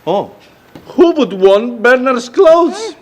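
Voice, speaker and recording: A cheerful young Argentinian man in a sitcom, high-pitched and relaxed in pace. He teases and jokes while standing up for his friend. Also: slow pace, heavily acted. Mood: teasing. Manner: playful, teasing, jokey. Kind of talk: sitcom acting.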